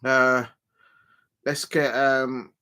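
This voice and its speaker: A man hosting a live football watch-along, chatting to viewers and shouting excitedly when goals go in. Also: mid-range voice, very slow, clean tone.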